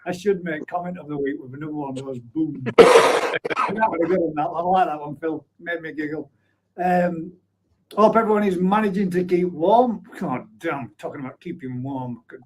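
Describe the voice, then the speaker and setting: A man's voice: a little high, normal speed, slight background noise, low-quality recording. A man in his forties hosting a live stream, chatting casually and reading out viewer comments, blunt, with offhand swearing and frequent laughs. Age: 40s.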